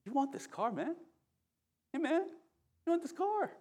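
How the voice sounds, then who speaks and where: A man's voice: very high voice, sing-song, measured pace, dark tone, voice pushed up, exaggerated voice. A man voicing a sly male devil, coaxing and casual in tone as he tempts. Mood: whispering lure. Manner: coaxing, casual, repeats the listener's name.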